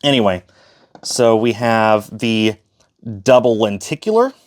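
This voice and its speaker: A man's voice: fairly low pitch, measured pace. A man giving a casual, chatty tour of his disc collection, with fillers and self-corrections as he goes. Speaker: collector showing his shelf.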